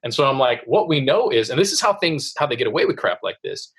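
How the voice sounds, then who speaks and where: Husky man ranting in casual podcast chat. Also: mid-range voice, quick pace. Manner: animated, acts out quoted voices. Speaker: podcast co-host.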